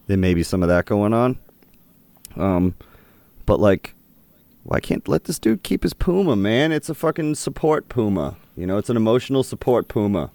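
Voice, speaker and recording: A man co-hosting a podcast, chatting and telling stories in a loose, casual way. His voice sits fairly low, and he swears freely as he rambles. The sound is dry and close, with no room echo. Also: big pitch swings, normal speed, gravelly, darkish tone. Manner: laid-back storytelling with frequent swearing. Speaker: podcast co-host. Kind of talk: casual chat.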